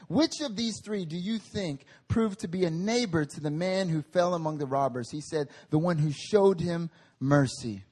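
A man preaching a sermon at a prayer meeting, animated and conversational, with humorous tangents. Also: on the high side, moderate pace. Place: meeting hall.

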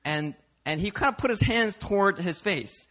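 A man from Philadelphia preaches at a church service, telling stories in a loose, conversational way. His voice sits a little high with a bright, forceful edge, and he moves from hushed asides to loud, animated peaks. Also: moderate pace. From Philadelphia, United States. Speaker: pastor. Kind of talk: sermon with storytelling.

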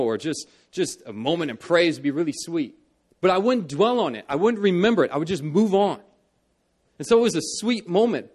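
A young man delivers a sermon in church with a fairly high voice. He is earnest, pushing his voice up for emphasis. Then he drops it low and soft for the solemn passages. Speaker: preacher.

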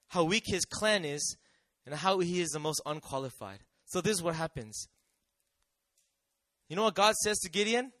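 A man's voice: high voice, pushed and bright, no echo. A man preaching a sermon in a conversational way, often asking the audience questions and acting out quotes.

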